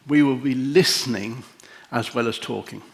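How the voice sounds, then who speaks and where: A middle-aged man preaching a sermon and leading a prayer, gentle and reflective with long pauses. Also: medium pitch, vocal fry. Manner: emotional, easily moved.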